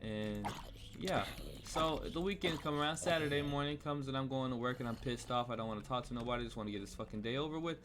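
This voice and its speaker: A man's voice: mid-range voice, fast, background noise. Profane ranting guy. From United States. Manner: profane, heated and rambling. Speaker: vlogger. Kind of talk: casual storytime rant while gaming. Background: faint cello music.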